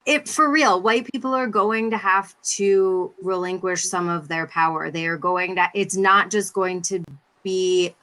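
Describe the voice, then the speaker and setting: Brief: bright, frank woman panelist on a video call. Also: mid-range voice, unhurried. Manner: frank, animated storytelling. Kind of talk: casual panel discussion.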